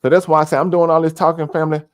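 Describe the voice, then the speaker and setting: Man, preachy streaming commentary, slightly high voice, dry close sound. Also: level tone, rapid-fire, no room sound. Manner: preachy, repeats "family", heavy fillers. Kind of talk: casual conspiracy commentary.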